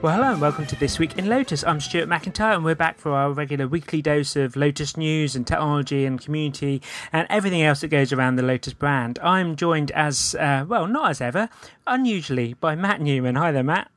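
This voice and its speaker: A man's voice: fairly high pitch, a little fast, fairly bright tone, soft background music. A man hosting a casual tech podcast, chatty and friendly with easy laughs, close to the mic. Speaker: podcast host.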